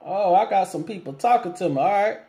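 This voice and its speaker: A man's voice: high voice, lively intonation, fairly quick, warm tone. A man hosting a casual call-in talk show, speaking to listeners and callers directly with lots of ums, polite but firm. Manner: laid-back, lots of ums, asks listeners questions. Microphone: streaming setup with cameras.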